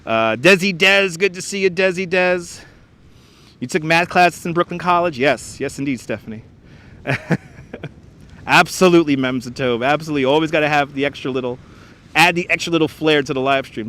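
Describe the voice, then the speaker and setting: Live-stream host, man, a bit high-pitched, casual and chatty, reads out viewer comments, outdoor clip-on mic. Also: normal speed, fairly bright tone. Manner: chatty, reads out viewer comments and greets them by name, laughs often. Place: outdoors on a frozen beach. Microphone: wireless clip-on mic.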